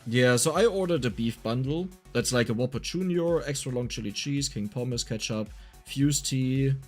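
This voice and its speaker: A man with a German accent chatting casually on a gaming livestream, talkative and quick to get heated. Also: mid-range voice, darkish tone, soft background music. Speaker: streamer.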